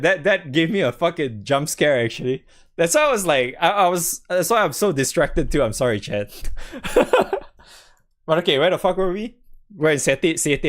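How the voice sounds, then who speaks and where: A man's voice: fairly high pitch, fairly bright tone. Young guy on a game stream, rambly and sweary, laughs a lot, voice jumps all over the place. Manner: rambling, profane, laughs often. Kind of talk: casual gaming stream chat.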